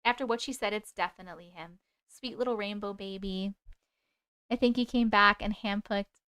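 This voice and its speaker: A woman's voice: medium pitch, normal speed, fairly bright tone, clean tone, no room sound, studio quality. A woman hosting a live stream, reading viewer stories aloud and reacting with open emotion to the chat.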